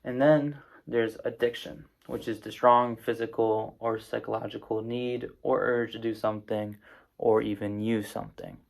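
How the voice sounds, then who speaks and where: A man's voice: on the low side, level tone, normal speed, vocal fry. A man giving an informal spoken explainer, casual and rambling, with many fillers and restarts. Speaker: presenter explaining psychoactive drugs.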